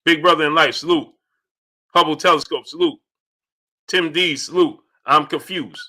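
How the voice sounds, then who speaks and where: A young man hosting a casual live stream, reading viewer chats aloud and answering them in an animated way that repeats itself. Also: a little high, moderate pace. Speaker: livestream host reading super chats. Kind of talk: casual livestream chat.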